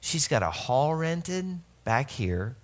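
A man's voice: a little high, very animated, takes it slowly. A man from Arkansas, telling a humorous, self-mocking story in a sermon, with many restarts.

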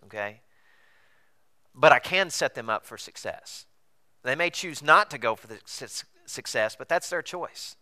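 A male pastor delivering a sermon in a conversational, animated way, full of rhetorical questions. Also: mid-range voice, clean tone.

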